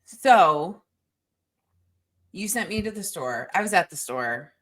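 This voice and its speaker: A woman's voice: on the low side, animated, takes it slowly, a bit bright. A middle-aged woman co-hosting a podcast, telling stories in a profane, exasperated casual chat. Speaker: podcast co-host.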